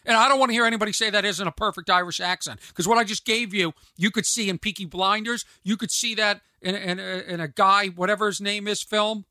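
Male podcast host, solo comedy monologue, high bright voice, rambling, self-mocking, dry close sound. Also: fairly even intonation, fairly quick, hardly any pauses, dry recording. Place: home studio in a converted camper.

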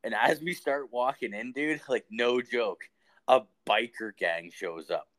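A man's voice: mid-range voice, measured pace, a bit bright. A man telling a crude story in casual chat, rambling and swearing, full of "like" and "dude". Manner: profane, rambling, lots of "like" and "dude". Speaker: podcast co-host.

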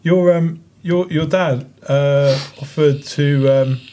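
A man's voice: on the high side, steady tone, slow, warm tone, a little hiss or hum. Hesitant man telling an anecdote. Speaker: podcast co-host. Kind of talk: casual comedic chat.

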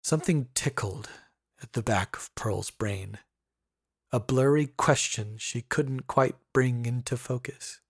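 A man's voice: mid-range voice, slow pace, slightly rough, no room sound, studio quality. A man narrating a scripted horror story with tense, building intensity.

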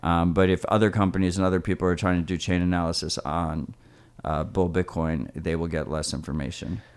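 A man's voice: low voice, little pitch movement, fairly quick. A man co-hosting a podcast in casual chat, explaining at length and saying "like" a lot. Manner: explains at length, uses "like" often. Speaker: podcast co-host.

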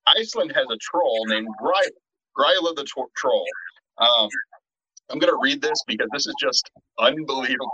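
A middle-aged man co-hosting a horror podcast in casual chat, animated, tripping over restarts and swearing freely. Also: mid-range voice, moderate pace, husky, no echo. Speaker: podcast co-host. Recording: dull, lo-fi and dry.

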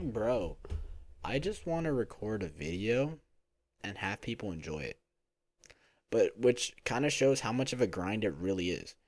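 A young man with a very low, deep voice hosts a casual solo podcast from home. He rambles and second-guesses himself, piling up fillers and restarts. The sound is close and dry, with no room around it. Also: no room sound. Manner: rambling, self-conscious, full of fillers and restarts. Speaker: podcast host. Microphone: home recording mic.

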